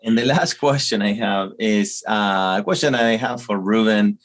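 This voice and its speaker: A man's voice: lowish voice, normal speed, fairly bright tone. A man from Argentina, a native Spanish speaker with an Argentine accent, asks questions about English in a casual chat, restating them as he goes. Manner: inquisitive, repeats himself to frame questions. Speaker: co-host and English learner.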